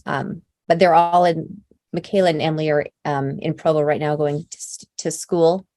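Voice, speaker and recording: A woman's voice: low-pitched, little pitch movement, moderate pace, a little mellow. A woman from Idaho who founded the company, presenting casually and upbeat to her new team over a video call. She runs through long lists with lots of fillers and says openly that she tears up easily. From Idaho, USA.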